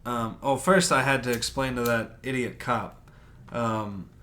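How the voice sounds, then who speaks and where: A man's voice: mid-range voice, fairly even intonation, a little slow, pushed and bright. A man co-hosting a podcast, telling a story in a loose, profane way and acting out other people's lines. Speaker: podcast co-host. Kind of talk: casual storytelling.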